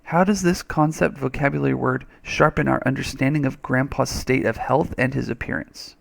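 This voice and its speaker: A man's voice: mid-range voice, fairly even intonation, moderate pace, creaky. A man teaching a reading lesson over a screen recording, chatty and thinking aloud, with little playful sound effects.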